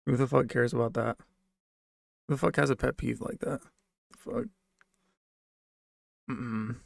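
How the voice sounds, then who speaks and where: A man with a gravelly, creaky voice talks to his livestream chat in a loose, rambling way, full of sarcasm and swearing. His pitch sits at an everyday middle. The sound is dry and close, with no room echo. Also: steady tone, slow pace, pauses often. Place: basement apartment at home.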